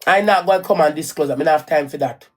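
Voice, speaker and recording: A Caribbean vlogger with a Jamaican accent speaks fast in a low-pitched voice, with a little hiss or hum on the recording. She rants casually through a personal story, rambling, restarting, repeating phrases and swearing bluntly.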